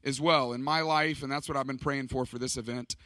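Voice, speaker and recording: A man's voice: mid-range voice, fairly even intonation, brisk, bright, forceful tone, no room sound. A middle-aged man speaking at a church leadership conference, telling stories in an emphatic, conversational way. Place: church stage.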